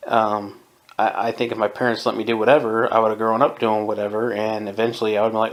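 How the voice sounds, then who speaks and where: A man's voice: lowish voice, little pitch movement, fast. Opinionated man in his twenties, chuckling. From Southern California. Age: 20s. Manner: opinionated, chuckles often, mimics people in quotes. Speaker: podcast host. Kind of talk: casual monologue.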